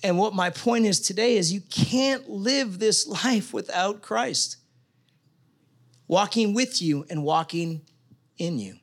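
A man's voice: high voice, lively intonation, slow. A man preaching a casual sermon in church as pastor, explaining step by step with joking asides. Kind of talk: conversational sermon.

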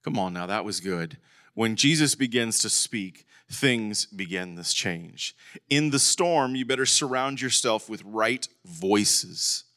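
A middle-aged man, a pastor, preaching a lively sermon and calling out to his congregation. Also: medium pitch. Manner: animated preaching, calls out to congregation.

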